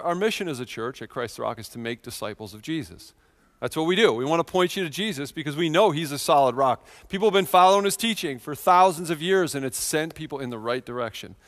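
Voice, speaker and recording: A man in his thirties preaching a sermon in a church, telling a personal story with earnest feeling and swings from quiet to loud. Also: mid-range voice, in a large hall. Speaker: pastor.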